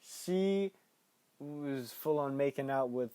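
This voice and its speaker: A man's voice: mid-range voice, slow, warm tone, clean tone, dry recording. A young man hosting a podcast, casually retelling a film's plot with a playful, laughing manner and sudden jumps into quoted voices. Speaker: podcast host recapping a film. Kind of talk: casual movie recap.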